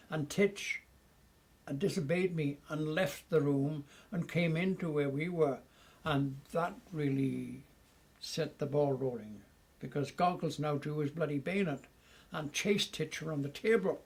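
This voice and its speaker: Gravelly-voiced man in his eighties. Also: a little high, rough recording. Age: 80s. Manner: lively storyteller who chuckles often. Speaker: interviewee recounting memories. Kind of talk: casual storytelling.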